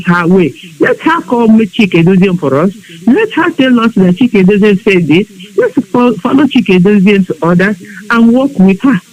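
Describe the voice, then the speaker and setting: A woman's voice: mid-range voice, darkish tone, lo-fi sound. A woman speaking emotionally to a women's group on a live online broadcast, pleading with them and scolding them by turns. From Biafra region of Nigeria. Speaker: women's group member addressing an online audience. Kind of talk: impassioned exhortation.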